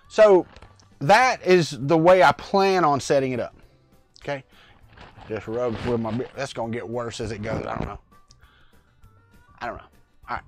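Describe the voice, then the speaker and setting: A man's voice: medium pitch, moderate pace, vocal fry, pauses often, no room sound, soft background music. A middle-aged man hosting a casual livestream from his home workspace, rambling and greeting viewers in the chat by name, talking into a lavalier mic. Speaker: livestream host. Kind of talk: casual live-chat vlog.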